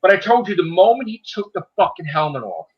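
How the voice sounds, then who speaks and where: A man's voice: high-pitched, big pitch swings, fast talker, highs cut off. A man hosting a livestream, chatting casually and ranting heatedly with a lot of swearing. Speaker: livestream host. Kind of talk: casual profane chat.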